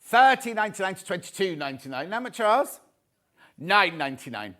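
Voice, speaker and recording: Male live shopping-TV host, fairly high voice, chatty and camp, quick with a joke. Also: sing-song, a bit bright. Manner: chatty, camp and jokey, reads out viewer messages. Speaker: shopping channel presenter.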